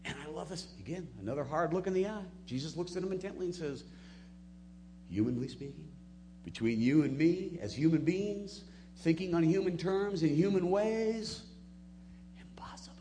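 A man preaching a sermon, moving between soft, low asides and loud, emphatic peaks. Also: normal speed, a little hiss or hum. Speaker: pastor.

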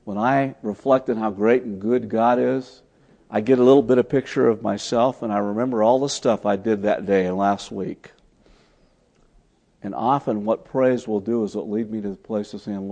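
A man preaching a sermon, telling stories as he teaches, swinging from loud emphatic lines to soft, hushed ones. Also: on the low side, fairly even intonation, moderate pace, gravelly. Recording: long hall reverb.

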